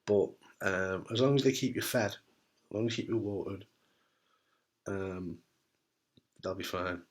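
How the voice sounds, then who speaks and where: A man's voice: sits low, measured pace. Blunt, jokey British man. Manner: blunt, jokey, swears casually, many restarts and "right?". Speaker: testicular cancer survivor giving advice. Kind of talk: candid casual talk to camera.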